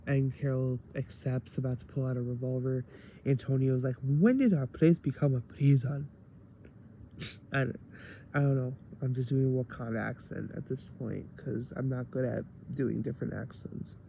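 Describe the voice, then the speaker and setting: A man's voice: mid-range voice, little pitch movement, normal speed, gravelly, warm tone, highs cut off, a little hiss or hum. A man giving a rambling casual review of a TV episode, tired late at night and full of fillers.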